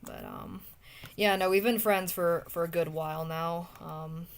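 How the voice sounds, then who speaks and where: A woman's voice: on the low side, steady tone, measured pace, creaky. Chatty young woman streaming her drawing. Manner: chatty, talks to viewers by name, mutters softly to herself while drawing. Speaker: streamer drawing art requests. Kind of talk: casual chat while drawing on stream.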